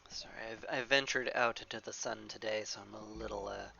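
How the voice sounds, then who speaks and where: A woman's voice: very deep voice, fairly even intonation, fairly quick, creaky, bright, forceful tone, slight background noise. A woman streamer with a stuffy nose, chatting wryly to herself as she plays a game. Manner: wry, sarcastic self-talk. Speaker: gaming streamer. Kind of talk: let's play commentary. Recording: slightly dull, faint music behind.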